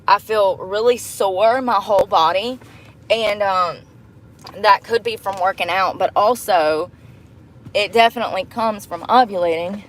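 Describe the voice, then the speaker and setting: A young woman vlogging in a casual, candid chat to her viewers, animated and quick to laugh, calling them y'all, girl and baby. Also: medium pitch, slight background noise.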